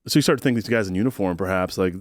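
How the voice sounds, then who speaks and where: Male podcast co-host, rapid rambling talker, low voice, dry studio sound. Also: no echo. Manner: rambling, talks in long run-on thoughts. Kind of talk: casual podcast chat.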